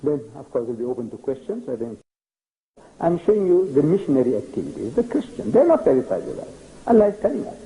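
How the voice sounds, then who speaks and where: Animated older male preacher. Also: on the high side, fast, poor audio. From South Africa. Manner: animated storytelling, acting out dialogue. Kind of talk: public religious lecture.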